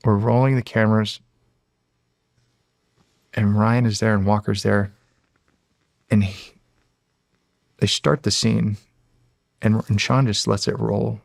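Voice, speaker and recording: Male, 40s, podcast guest. Low and gravelly, rambling storyteller who restarts a lot, dry studio sound. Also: steady tone, slow, long pauses, no echo. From United States. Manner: rambling and emotional, with many restarts. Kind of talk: casual storytelling.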